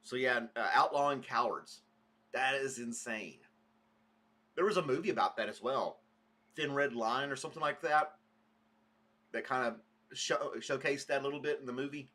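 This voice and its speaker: A man's voice: medium pitch, normal speed, pauses often, sharp tone. A man hosting a casual morning livestream podcast, rambling chattily and greeting viewers by name. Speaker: podcast host.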